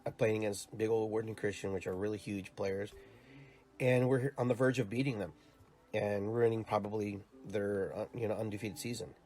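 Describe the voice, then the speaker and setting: Fairly low in pitch and a little mellow, this man's voice carries his own show. He's a podcast host and youth soccer coach whose reflective monologue is casual, earnest and rambling, with lots of repeated words.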